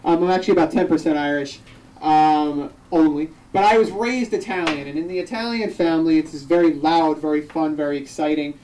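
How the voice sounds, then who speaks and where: A young adult man performing a live stand-up comedy set, telling loose conversational stories with quick acted-out quotes. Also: fairly high pitch, fairly even intonation, dark tone, far from the mic, a little hiss or hum, low-quality recording. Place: comedy club stage with a live audience.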